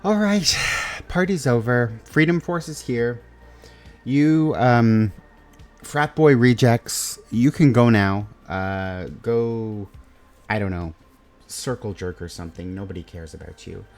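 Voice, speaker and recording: A man's voice: mid-range voice, slow pace, a little mellow. A man voicing a brash, crude woman mutant leader who taunts and threatens a crowd. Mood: taunting.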